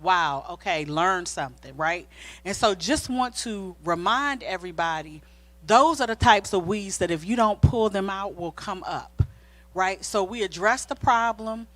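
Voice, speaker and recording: A middle-aged woman with a mid-range voice speaks unhurriedly, with no room sound, in a church sanctuary. Co-hosting a marriage talk, she tells a personal story in a casual, sermon-like style, animatedly acting out the dialogue she quotes.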